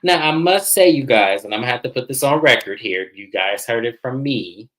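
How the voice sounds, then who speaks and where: A man's voice: medium pitch, expressive, a little fast, a bit bright, rough recording. A man hosting a casual TV recap, chatty and dramatic, talking straight to his viewers. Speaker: host.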